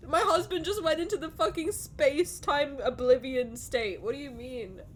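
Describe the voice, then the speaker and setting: A woman's voice: sits high, normal speed, slight background noise. A young woman streaming her reaction to a game, laughing through tears, swearing and talking expressively while crying. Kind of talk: live reaction stream, casual chat.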